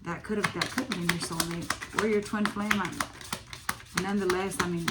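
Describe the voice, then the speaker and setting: A woman's voice: fairly low pitch, steady tone, moderate pace, very noisy. A woman giving a casual tarot reading, thinking aloud with lots of fillers and the odd swear word. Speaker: tarot reader.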